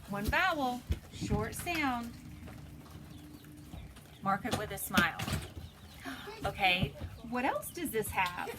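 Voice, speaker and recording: A woman teaching a phonics lesson to preschoolers, sounding out letters slowly and deliberately, recorded at home. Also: a little high. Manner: slow, deliberate, sounds out letters for little kids. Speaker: pre-K teacher. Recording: noisy home video recording.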